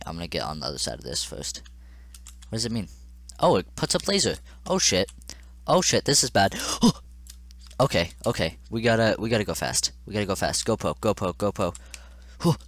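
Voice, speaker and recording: A man's voice: deep voice, fairly bright tone, no room sound. A young man commenting on his own gameplay, exclaiming and getting frustrated as he talks to the game. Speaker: gaming channel host. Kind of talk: let's play commentary.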